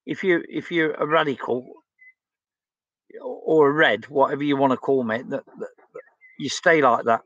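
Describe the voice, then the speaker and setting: A man's voice: medium pitch, moderate pace, pauses often, fairly bright tone, dry recording, highs cut off. A blunt, outspoken man, chatting casually as he reads out viewer comments on his stream. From England. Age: 60s. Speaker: livestream host.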